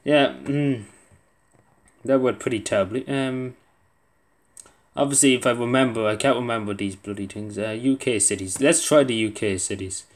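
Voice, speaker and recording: A man's voice: mid-range voice, normal speed. A young man giving casual gameplay commentary, muttering to himself and swearing under his breath as he plays. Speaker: gaming video creator.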